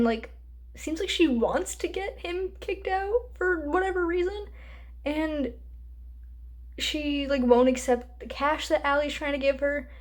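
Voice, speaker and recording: A woman's voice: high-pitched, a little mellow. A woman ranting casually about a book in a reading vlog, chatty and exasperated, with lots of fillers. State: hiccuping. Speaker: book vlogger.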